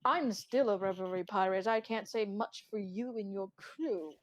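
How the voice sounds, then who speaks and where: A woman's voice: mid-range voice, normal speed, no room sound, close to an everyday voice. A woman voicing a flamboyant, scornful male bird pirate in a tabletop game. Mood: dismissive. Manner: mocking, dismissive.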